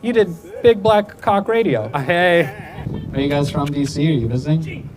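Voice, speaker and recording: Wisecracking street comic, high-pitched voice. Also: male voice, soft background music. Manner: rapid deadpan roasts, wisecracking. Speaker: street comedian. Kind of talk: crowd work roasting passersby. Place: outdoors on a city street.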